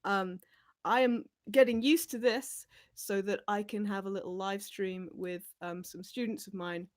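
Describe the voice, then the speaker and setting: A woman's voice: mid-range voice, steady tone, measured pace. A woman teacher chatting casually on a livestream, rambling and giggling, with lots of fillers as she reads out viewer comments.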